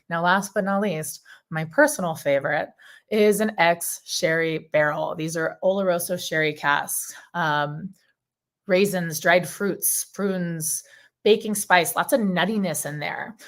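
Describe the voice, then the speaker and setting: A woman brand ambassador presents to a live audience in a slightly low voice. She sounds enthusiastic and casual. She often pauses on an um before going on. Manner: enthusiastic and chatty, with frequent ums.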